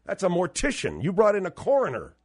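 A man's voice: high-pitched, wildly swooping pitch, fairly quick, darkish tone, slightly rough. A man hosting a talk show, ranting in a blunt, profane, combative way.

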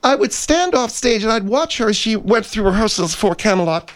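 A man's voice: high voice, sing-song, fairly quick. A man voicing a vain, haughty older woman singer in a comedy sketch, talking in a pompous, theatrical, rambling way.

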